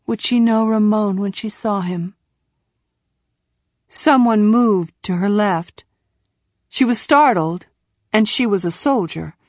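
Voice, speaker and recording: A woman narrating a novel in scripted, measured storytelling from a quiet booth. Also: medium pitch, no echo, studio quality. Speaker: audiobook narrator.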